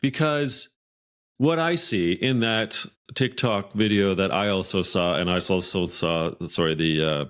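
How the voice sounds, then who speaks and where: A Canadian man, a podcast guest, telling a workplace anecdote in a lively, animated way. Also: deep voice, a little slow, clear, resonant tone. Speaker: guest author. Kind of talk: podcast storytelling.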